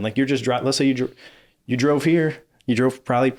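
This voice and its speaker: Host read: upbeat man, mid-pitched, keen and affirming, casual chat. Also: steady tone, brisk, a little mellow. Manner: enthusiastic, affirming. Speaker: podcast host. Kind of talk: casual interview.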